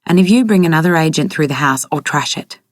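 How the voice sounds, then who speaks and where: A woman's voice: sits low, lively intonation, fast talker, no echo, clean studio sound. A woman reading as a bitter, grieving young woman. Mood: hostile. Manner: sharp, clipped retorts.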